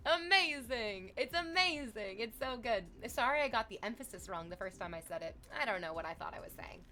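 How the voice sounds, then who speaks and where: A woman's voice: mid-range voice, quick pace, a little hiss or hum. Chatty woman streamer reading chat. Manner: chatty, animated, thanks subscribers, reads chat aloud. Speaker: livestreamer. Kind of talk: casual stream chat with viewers.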